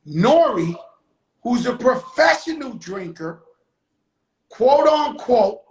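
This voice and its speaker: A man hosting his own live stream, telling a story in a casual, animated and profane way, with sudden shouted bursts. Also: extremely high pitch, slow pace, roomy sound, a little hiss or hum, rough recording. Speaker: livestream host telling a story. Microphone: phone on a live stream.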